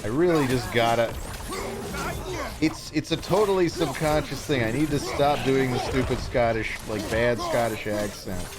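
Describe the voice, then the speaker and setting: A man's voice: mid-range voice, normal speed, few pauses. A man streaming a video game live, giving playful, self-mocking casual commentary. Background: game music.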